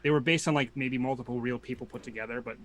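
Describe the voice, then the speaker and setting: A man trading quips in a casual podcast chat, his voice bright and forward. He talks quickly and keeps a wry, dry humor, with faint noise behind him. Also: medium pitch, fairly even intonation. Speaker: podcast co-host.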